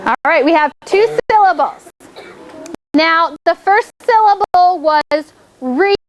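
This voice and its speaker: Woman, elementary teacher, very high voice, encouraging classroom delivery, checks in constantly. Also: lively intonation, takes it slowly, a little hiss or hum. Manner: encouraging, checks in with "okay?" often. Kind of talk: classroom spelling lesson.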